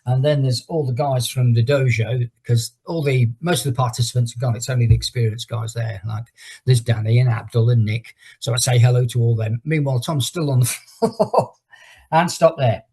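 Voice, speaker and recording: A middle-aged fitness instructor runs an online exercise class on a video call, his mid-range voice mellow and a bit rough at a moderate pace. He spins a long, meandering story, stopping to count down each exercise.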